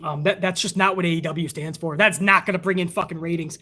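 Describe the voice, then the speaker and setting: A man's voice: on the high side, steady tone, quick pace, pushed and bright. A man hosting a casual wrestling livestream from the United States, ranting in a profane, heated, rambling way and reading out donations. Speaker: wrestling podcast host.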